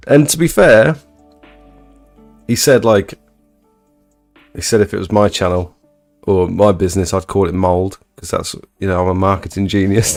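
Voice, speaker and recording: A young man hosting a live stream, reading chat and chatting in a laid-back, low-energy way. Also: normal speed, gravelly, pauses often, a little mellow, no echo, faint music behind. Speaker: livestream host reading chat.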